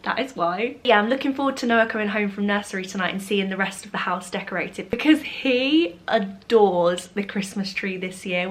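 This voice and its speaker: A young woman chatting warmly in a cozy vlog, a bit nasal and short of breath from a cold. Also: mid-range voice. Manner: gushing and affectionate, many "like"s. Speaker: vlogger. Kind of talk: cozy casual vlog chat.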